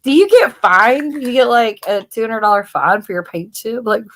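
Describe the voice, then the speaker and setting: Woman from the South, animated casual chat, swears freely, live stream co-host. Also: on the high side, moderate pace. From American South.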